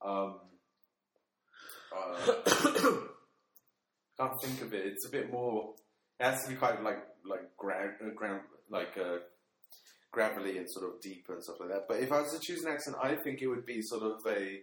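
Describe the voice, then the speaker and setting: A man's voice: fairly low pitch, normal speed, pauses often, a bit bright. A man hosting a podcast, joking and teasing his friends in casual chat. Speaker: podcast host. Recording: echoey room, faint noise.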